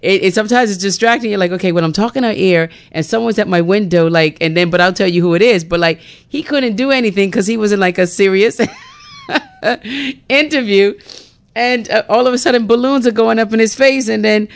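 Bubbly woman radio host, smooth voice. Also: medium pitch, fairly quick. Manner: bubbly, laughs often at herself. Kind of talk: morning radio chat.

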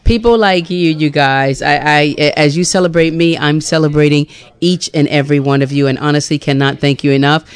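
A woman hosting a radio talk show, effusive and quick to laugh, from Bermuda. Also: deep voice, clean tone. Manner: warm, effusive, laughing often. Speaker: radio host.

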